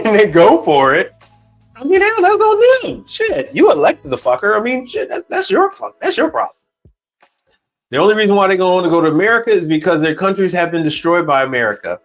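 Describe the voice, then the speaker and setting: A middle-aged man from Houston, Texas, hosts a livestream in a slightly high voice with dull audio. It's a casual rant: he's blunt, swears constantly, and argues back at his chat.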